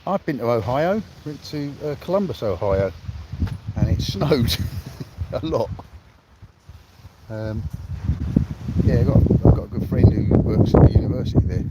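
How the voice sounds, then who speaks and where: A man chats loosely and amiably to his viewers from a shingle beach at sunset, his voice sitting in a middle register. Loud wind and crashing surf roar behind him on an outdoor camera mic. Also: medium pitch, animated, takes it slowly, long pauses, highs cut off. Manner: rambling, friendly chatter to viewers. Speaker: sea-fishing live streamer. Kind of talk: casual live-stream chat.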